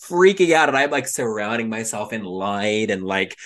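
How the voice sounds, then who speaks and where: Male co-host, low voice, animated storyteller who acts out his quotes. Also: normal speed. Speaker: podcast co-host. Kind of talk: casual storytelling chat.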